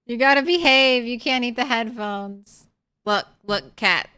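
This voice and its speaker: A young woman chatting on a game stream in an unhurried way. Her voice is bright and smooth, a little higher than most. She rambles casually and coos at her cat. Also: steady tone. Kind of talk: casual live-stream chat.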